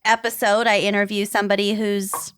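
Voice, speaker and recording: Bright, dry-witted woman co-host. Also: medium pitch, little pitch movement, fairly quick, clear, resonant tone, no echo. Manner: dry, playful, a bit macabre. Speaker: podcast co-host. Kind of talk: casual chat.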